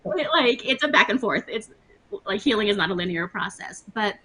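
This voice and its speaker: A woman on a discussion panel, telling a personal story in a lively, laughing way and acting out quotes. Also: mid-range voice, a little fast, low-quality recording. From Latina.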